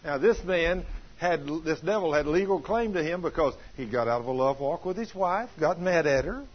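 A preacher with a high, husky voice delivers an animated sermon in church. He fires questions at the congregation and swings from low asides to loud bursts. The recording is dull and lo-fi. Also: normal speed.

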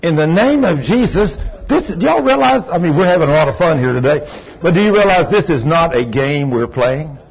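A man's voice: on the high side, lively intonation, brisk, creaky, few pauses, breathy edge. A man preaching a sermon in a fervent, folksy storytelling way. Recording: dull lo-fi recording. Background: congregation saying amen.

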